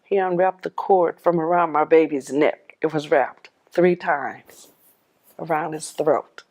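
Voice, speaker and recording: A woman shares her life story as a personal testimony, deep-voiced and a little slow, animated and often laughing. When quoting others, she lowers her voice.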